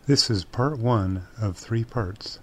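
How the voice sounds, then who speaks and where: A man announcing a story reading, slow and measured. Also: on the low side, fairly bright tone. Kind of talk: program introduction.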